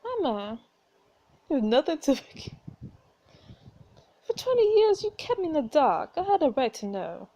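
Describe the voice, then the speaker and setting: A woman's voice: a little high, sing-song, a little fast, mellow. A woman reading an earnest young heroine.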